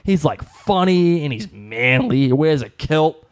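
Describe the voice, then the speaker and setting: A young man co-hosting a podcast in casual chat, excitable and slangy, often tripping over his words. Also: fairly high pitch, measured pace, smooth, no room sound. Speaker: podcast co-host.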